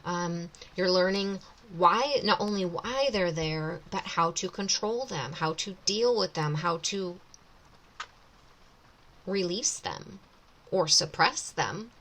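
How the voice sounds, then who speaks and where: A woman with a slightly low voice gives a tarot reading in her thirties. She talks casually, circling back and rephrasing her words as she thinks aloud, moving from one card's meaning to the next. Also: expressive, slow pace, fairly bright tone, poor audio. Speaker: tarot reader.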